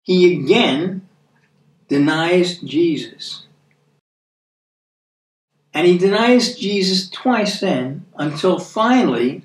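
A man with an American accent giving a conversational sermon, earnest, repeating words for emphasis and reading scripture slowly. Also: a little high. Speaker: preacher. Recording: echoey room, mic at a distance.

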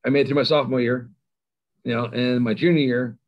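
A middle-aged man with a Kentucky accent, a high school coach telling stories as a guest, self-mocking and laughing often. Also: steady tone, fairly quick. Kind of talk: casual storytelling interview. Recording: slightly dull lo-fi sound.

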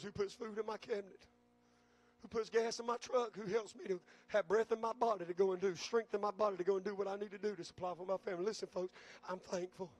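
A man preaching a sermon as pastor, calling out to the congregation and building to shouts. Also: sits high.

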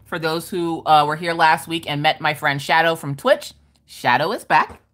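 Speaking at normal speed in a low, slightly bright voice, a woman hosts a relaxed crafting livestream chat, welcoming viewers by name and laughingly reading out their comments in a playful way.

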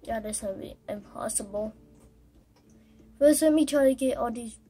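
A woman giving casual gameplay commentary while playing, halting and exasperated, with many fillers. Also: a little high, mellow, slightly rough. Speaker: gamer recording gameplay.

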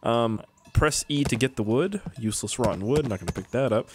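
A man's voice: mid-range voice, a little fast, a little mellow, a little hiss or hum. A young man from Canada giving joking, self-mocking commentary while playing a game. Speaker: gaming YouTuber. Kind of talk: let's play commentary.

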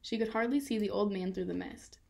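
Lady reading a kids book out loud, calm, lots of vocal fry. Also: medium pitch, fairly quick. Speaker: reader. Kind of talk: children's book read-aloud.

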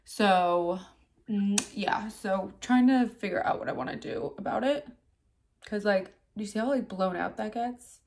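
A woman's voice: medium pitch, a little slow, gravelly, darkish tone. A young woman talking casually to her phone camera for a daily vlog, rambling and chatty with plenty of "like", first at home and later in a car. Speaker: vlogger.

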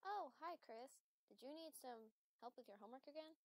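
A woman's voice: high voice, lively intonation, moderate pace, slight background noise, rough recording. A woman reading as a shy reindeer girl. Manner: hesitant, apologetic, stammering. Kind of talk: reading game dialogue aloud.

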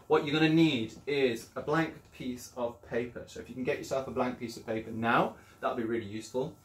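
A man's voice: medium pitch, steady tone, a little fast, reverberant. A man teaching children an English lesson in a chatty, encouraging way, explaining things step by step. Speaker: primary school teacher.

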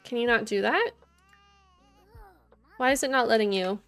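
Streamer: young woman, higher voice, chatty and giggly, casual gameplay chat, soft music behind. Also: moderate pace. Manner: chatty, giggly, talks to chat and her game characters. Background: soft game music.

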